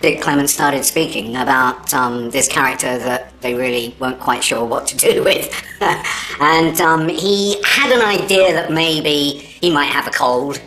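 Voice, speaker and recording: A man with a Liverpool accent, an actor, telling lively anecdotes in an interview. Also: on the high side, a little slow. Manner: lively storytelling with laughter.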